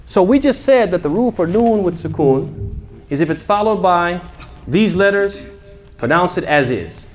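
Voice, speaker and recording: Male teacher, energetic call-and-response classroom style, a bit higher than average pitch. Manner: chants short Arabic phrases slowly for students to repeat. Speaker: teacher of Quran recitation. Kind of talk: interactive classroom lesson.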